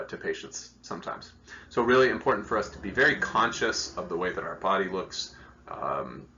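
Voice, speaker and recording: A man with a bright, forceful voice and a fairly low pitch leads a hospital staff training talk. He explains each point earnestly, often repeating words as he goes. The recording sounds dull and lo-fi. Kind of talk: instructional training lecture.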